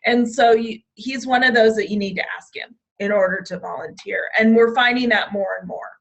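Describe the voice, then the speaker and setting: Higher-pitched woman giving a staff training talk. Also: fairly even intonation, moderate pace, gravelly, fairly bright tone. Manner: restarts phrases often, casual asides. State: has hiccups. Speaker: state program trainer. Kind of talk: recorded staff training presentation.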